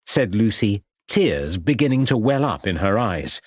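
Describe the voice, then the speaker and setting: Guy reading a crime audiobook, kinda husky, dry close sound. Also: on the low side, big pitch swings, a little slow, hardly any pauses, no room sound. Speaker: audiobook narrator. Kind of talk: scripted narration.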